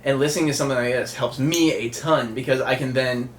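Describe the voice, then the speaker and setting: A man's voice: medium pitch, steady tone, fast, slight background noise. A man working as a music producer, reacting in casual commentary, thinking aloud with lots of filler words. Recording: echoey room with faint music behind. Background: faint music.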